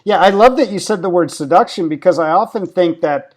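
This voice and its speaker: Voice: mid-range voice, fairly quick, a little mellow. A podcast host asking long, searching questions, with lots of "I guess" and "you know" fillers. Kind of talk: podcast interview.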